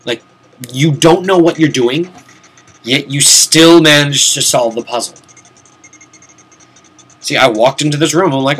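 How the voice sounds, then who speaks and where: Medium in pitch, a bit bright, and slightly rough, this young VTuber's voice moves at a moderate pace with frequent pauses. He sits at a desk at home giving rambling let's-play commentary, tired and yawning, talking to himself and swearing here and there.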